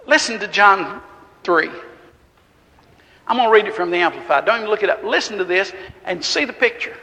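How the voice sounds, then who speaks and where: A man preaching a sermon, telling a story quietly and then building to fervent, emphatic appeals. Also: sits high, expressive, a little fast, big-room sound, a little hiss or hum, low-quality recording.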